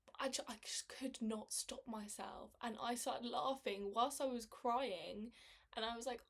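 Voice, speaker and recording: A young woman speaking candidly about her own experience, halting and emotional, with frequent restarts. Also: a little high, steady tone. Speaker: person sharing her experience of living with MS. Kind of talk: candid personal testimony.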